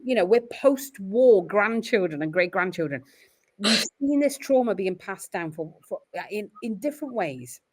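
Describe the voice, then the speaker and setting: A woman's voice: medium pitch, normal speed. A middle-aged Welsh woman talking openly and reflectively as a parent in a podcast conversation. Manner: earnest, reflective, expressive storytelling.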